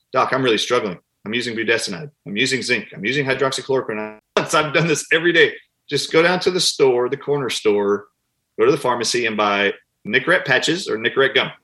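A man's voice: medium pitch, bright, forceful tone. A man, a doctor appearing as an interview guest, telling stories animatedly and acting out the people he quotes. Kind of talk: conversational interview.

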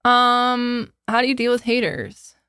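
A woman in her twenties co-hosting a casual podcast, chatty and quick to laugh, swearing now and then. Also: a little high, lively intonation, pushed and bright, clean tone, no room sound, studio quality. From New England, United States. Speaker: podcast co-host. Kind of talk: casual chat.

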